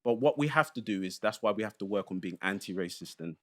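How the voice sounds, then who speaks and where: A man's voice: on the low side, expressive, quick pace, fairly bright tone. A man from London's East End, giving emphatic explanations in a panel discussion and building his points step by step. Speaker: panel guest, education commentator.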